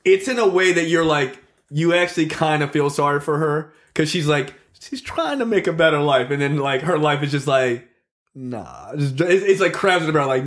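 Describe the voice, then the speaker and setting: A man co-hosting a podcast in casual chat, telling stories with lots of swearing and acting out scenes. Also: on the high side. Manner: animated storytelling, swears freely, acts out scenes. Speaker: podcast co-host.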